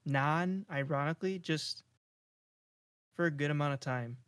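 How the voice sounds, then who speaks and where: Young guy cohost, kinda high voice, easygoing and teasing. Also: measured pace, fairly bright tone, no room sound, studio quality. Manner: easygoing, laughs often, teasing. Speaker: podcast co-host. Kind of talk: casual chat.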